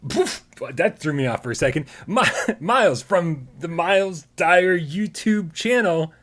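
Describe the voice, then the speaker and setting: Male live-show host, very animated delivery, playful. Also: fairly high pitch, measured pace. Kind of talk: live gaming show chat.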